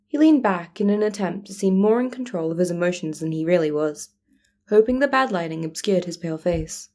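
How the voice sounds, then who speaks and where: A woman's voice: on the low side, fairly quick, darkish tone. A woman reading a fan fiction story aloud as narrator. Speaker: podfic reader.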